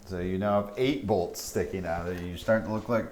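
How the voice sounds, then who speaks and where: A man's voice: sits low, fairly quick, darkish tone, slight background noise. A man running a tabletop game as dungeon master, talking through rules in a matter-of-fact way.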